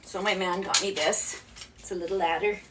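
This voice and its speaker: A woman's voice: on the low side, steady tone, moderate pace. A woman chatting casually during a live stream while she cleans at home, rambling and talking to herself as she goes. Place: home kitchen, indoors. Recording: distant phone mic with faint background noise. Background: faint nature sounds.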